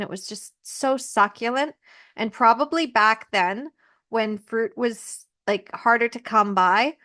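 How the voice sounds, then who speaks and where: A woman hosting a podcast, retelling a fairy tale in a chatty, animated way with personal asides. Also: a little high. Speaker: podcast host. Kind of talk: casual storytelling.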